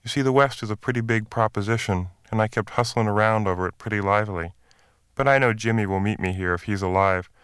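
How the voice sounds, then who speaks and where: A man's voice: lowish voice, smooth, no room sound, studio quality, lightly acted. A man reading the part of a boastful, self-assured middle-aged drifter from the West, in a hearty storytelling manner.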